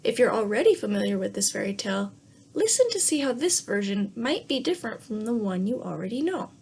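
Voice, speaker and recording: Breathy woman reading a story to young children. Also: medium pitch, sing-song, fairly quick. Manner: gentle, asks the class questions. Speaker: teacher. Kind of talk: read-aloud lesson for young children.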